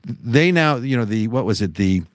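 A man's voice: mid-range voice, lively intonation, moderate pace, dry recording, studio quality. A man co-hosting a casual political talk show, wry and sarcastic, rambling with restarts. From United States. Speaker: podcast co-host.

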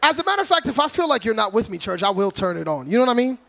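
A man from Florida preaching to a congregation, loud, energetic and full of jokes. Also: high voice, rapid-fire, vocal fry. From Orlando, Florida, USA. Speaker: guest preacher. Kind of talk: humorous sermon to a congregation. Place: church before a live congregation.

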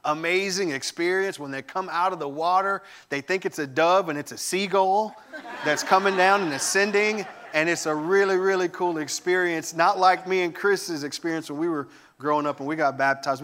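A man giving a sermon, telling lively family stories with humor and enthusiasm. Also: on the high side. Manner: animated storytelling with humor. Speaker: guest preacher.

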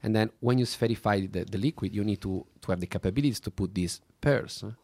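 A man's voice: fairly low pitch, fast talker, darkish tone, dry recording. A man with an Italian accent answering interview questions about his drink company, hesitant and full of fillers and restarts. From Italy.

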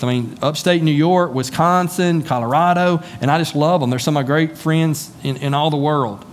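A man's voice: fairly high pitch, a little hiss or hum. A man with a Southern US accent preaching a sermon as pastor, folksy and conversational, often repeating words as he goes. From Southern United States. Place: church sanctuary.

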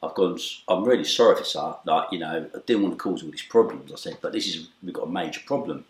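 A man's voice: deep voice, fast. A middle-aged man telling a story as an interview guest, acting out the voices and swearing casually. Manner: acts out quoted voices, swings from loud shouts to hushed asides; streetwise, swearing, repeated "right?". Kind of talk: animated storytelling. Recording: echoey room.

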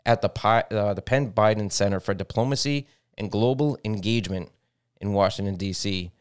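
Man, low voice, smooth and resonant, dry close sound, blunt profane co-host. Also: no room sound. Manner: blunt and profane, reading headlines aloud. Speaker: podcast co-host. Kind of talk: casual political podcast chat.

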